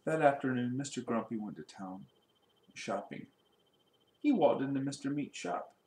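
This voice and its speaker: A man reading a children's storybook aloud in a lively way, putting questions to his young listeners. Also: mid-range voice, normal speed, echoey room.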